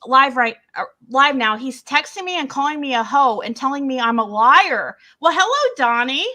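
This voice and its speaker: A woman hosting a live stream, moderating her guests in a brisk, casual way. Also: high voice, bright, forceful tone.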